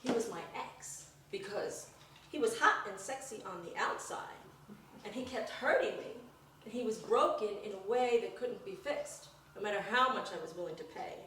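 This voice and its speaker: A middle-aged woman performing a personal story live, lively and acting out the voices of the people in it. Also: mid-range voice, moderate pace, a little hiss or hum. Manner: animated, acts out voices. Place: performance room. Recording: echoey room from far off.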